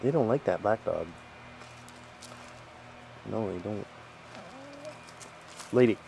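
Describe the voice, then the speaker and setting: Gravelly man teasing his pets playfully. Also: fairly low pitch, animated, slow, background noise. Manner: playful, teasing, sing-song baby talk to animals. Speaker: pet owner filming his animals. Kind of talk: casual talk to pets behind the camera. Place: home and yard with pets and chickens. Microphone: handheld camera mic.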